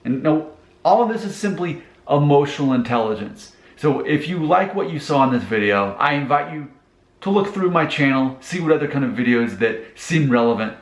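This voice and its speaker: A man's voice: fairly high pitch, lively intonation, normal speed. A man hosting his own channel, earnestly talking through practical advice to the camera in a casual way. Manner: earnest, repeats steps, restarts. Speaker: channel host giving advice. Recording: roomy echo.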